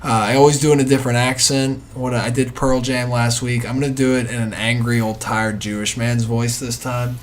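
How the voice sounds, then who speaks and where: A man's voice: mid-range voice, little pitch movement, fairly quick, few pauses, slight background noise. Rambling, jokey male podcast host. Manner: rambling, jokey, self-deprecating. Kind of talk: casual sponsor read.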